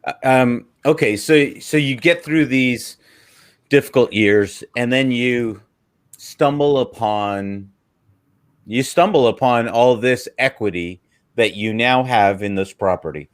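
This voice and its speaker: A man hosting an interview, asking halting questions and giving brief affirmations. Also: mid-range voice. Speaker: host. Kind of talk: casual interview.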